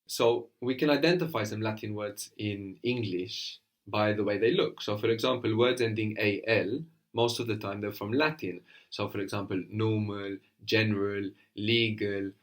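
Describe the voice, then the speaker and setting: A man teaching a spoken language lesson, patiently coaxing a student and modelling pronunciation slowly. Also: fairly low pitch, steady tone.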